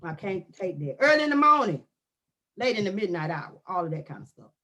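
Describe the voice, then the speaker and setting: A woman, ranting loudly and comically in casual talk, often shouting. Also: mid-range voice, a little fast. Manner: loud animated ranting with frequent shouting. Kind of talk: casual comic rant to camera.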